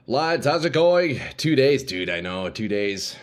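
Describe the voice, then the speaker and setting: A man's voice: mid-range voice, sing-song, unhurried. A man streaming casually, chatting to his viewers in a laid-back, slangy way and calling them dude and boys. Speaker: game streamer. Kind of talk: casual livestream chat.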